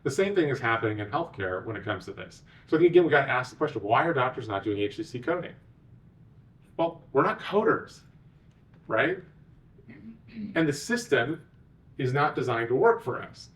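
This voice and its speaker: A man, a physician executive, giving a conference talk with animated, sarcastic asides. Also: mid-range voice, fast, recorded from a distance.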